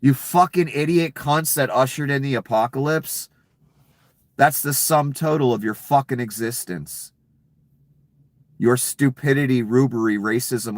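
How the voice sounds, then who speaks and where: A man's voice: mid-range voice, fairly bright tone, dry recording, studio quality. A man delivering an angry, profane political rant, sarcastic and furious. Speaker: political commentator.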